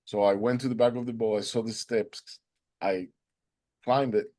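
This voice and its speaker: A man's voice: on the low side, fairly even intonation, normal speed, darkish tone. Earnest man, Spanish native, telling a story. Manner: earnest, non-native English phrasing; acts out quoted dialogue in a raised voice. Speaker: interview guest.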